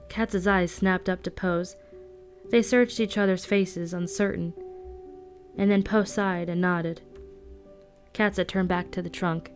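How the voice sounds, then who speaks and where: A woman reading a novel aloud in a calm, even storytelling manner. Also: fairly low pitch, unhurried, faint music behind. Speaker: audiobook reader.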